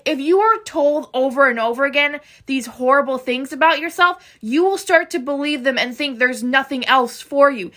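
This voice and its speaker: A young woman reacting to an anime, gushing and swinging between outrage and tearful excitement, with some swearing. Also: sits high, normal speed, hardly any pauses. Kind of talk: emotional reaction vlog.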